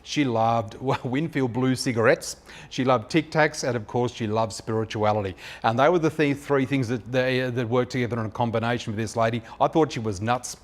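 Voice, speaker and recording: An Australian man in his fifties, a psychic flower reader telling his story in a chatty, anecdotal way with many filler pauses. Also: mid-range voice. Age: 50s. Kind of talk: personal storytelling monologue.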